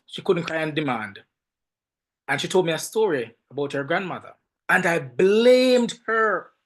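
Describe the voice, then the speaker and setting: A man with a Jamaican accent, a film director and podcast guest, telling stories in an animated, emphatic way and often repeating words. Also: a little high. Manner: animated, emphatic storytelling with frequent word repeats. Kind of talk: casual podcast interview.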